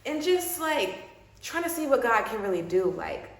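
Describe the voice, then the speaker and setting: A young woman telling a personal story on her vlog in a casual, slangy, lively way. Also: on the high side, moderate pace. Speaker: vlogger. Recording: roomy echo.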